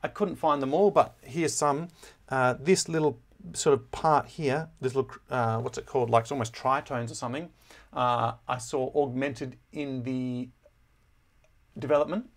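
A man explaining a musical score in a relaxed, chatty way, often pausing with fillers and correcting himself as he goes. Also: mid-range voice. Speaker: music teacher. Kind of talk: casual score walkthrough.

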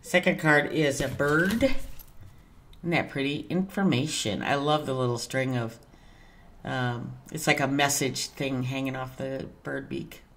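A woman's voice: very deep voice, a little slow, a bit bright, a little hiss or hum. A woman talking casually in a vlog as a tarot reader, chatty and digressive, with some mild cursing.

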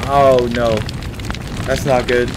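A young man giving panicky let's-play commentary on a horror game, yelping and shouting when scared. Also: medium pitch, level tone, slow, noisy background. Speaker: gaming streamer. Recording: game music playing loudly behind.

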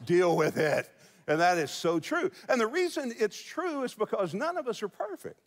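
Preaching a sermon at a moderate pace, a pastor with a fairly high voice swings widely in pitch as he tells a folksy, comic story and chuckles along the way. The sound rings with long echo through a spacious church hall.

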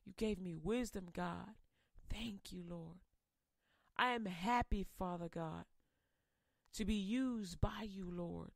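A man's voice: sits high, slow, gravelly, long pauses, no room sound, studio quality, full character voice. A woman preacher voicing an early biblical man who pours out fervent, exclaiming thanks to God. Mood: soft gratitude. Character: early biblical man, overjoyed and grateful in praise.

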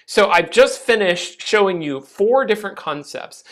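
A man teaching a lecture on speaking and gestures, animated and demonstrative, often restarting his phrases. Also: high-pitched, normal speed. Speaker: speech teacher. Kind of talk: classroom lecture.

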